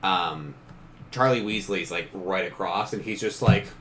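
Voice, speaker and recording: Narrating a relaxed tabletop session, the game master laughs a lot and dips into character voices for a moment here and there. He has a deep, somewhat bright voice and a measured pace, and there's a little background noise.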